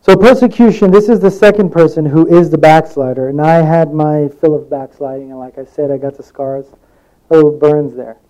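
Guy preaching a sermon, kinda higher voice but mellow, chatty, tells stories on himself. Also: fairly even intonation, normal speed, rough recording. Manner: conversational, acts out quoted voices, laughs at own stories.

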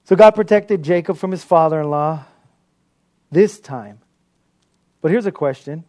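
A man preaching a sermon as a pastor, telling stories in an animated way and laughing often. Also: on the high side, a little slow. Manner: animated storytelling with frequent laughter.

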